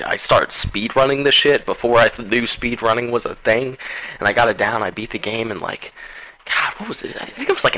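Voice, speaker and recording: A man's voice: on the low side, pushed and bright, poor audio. A young man telling rambling, profane stories about his gaming past in a casual monologue, often stopping to search for names. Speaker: gaming vlogger.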